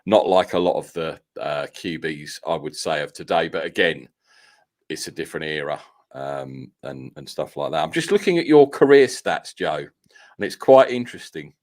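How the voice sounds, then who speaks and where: A podcast host with a very low voice chats easily with his guest. He makes dry little jokes and sometimes hesitates between phrases. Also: normal speed. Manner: relaxed, wry, hesitant. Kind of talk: casual interview chat.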